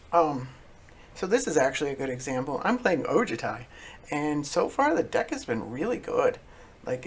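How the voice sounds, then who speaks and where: A man streaming a card game, talking casually to himself as he plays, halting often with fillers and self-corrections. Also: fairly high pitch, slight background noise. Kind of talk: casual thinking-aloud commentary.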